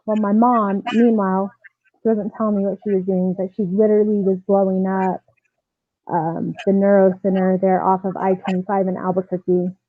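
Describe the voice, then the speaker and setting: A woman softball coach telling her own story as a guest, lively and acting out the voices of people she quotes. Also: medium pitch, dry recording. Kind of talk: personal storytelling in an interview. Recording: tinny phone-line sound, dry.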